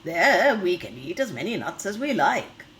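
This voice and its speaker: A woman's voice: on the low side, big pitch swings, normal speed, a bit bright, slight background noise. Woman reading as an eager storybook rooster. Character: cheerful male rooster, eager and practical.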